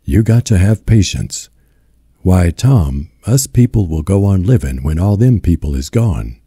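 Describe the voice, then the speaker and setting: A man's voice: low voice, animated, unhurried, breathy edge, dry recording, clean studio sound, heavily acted. A man doing a steadfast old farm mother. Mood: soothing. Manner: gentle rural drawl. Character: weary older farm mother, soothing and steadfast.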